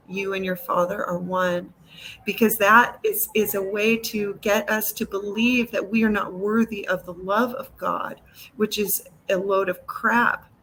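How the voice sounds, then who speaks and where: A woman's voice: medium pitch, fairly bright tone, a little hiss or hum, rough recording. A woman speaking fervently and with heartfelt feeling in a spiritual talk-show conversation over a video call, blunt at times. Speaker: co-host.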